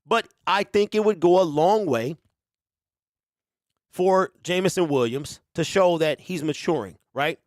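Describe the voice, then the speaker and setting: A man hosting a casual sports talk stream, animated, who exclaims and repeats himself. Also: a little high, a little slow, no room sound, clean studio sound. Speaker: sports show host.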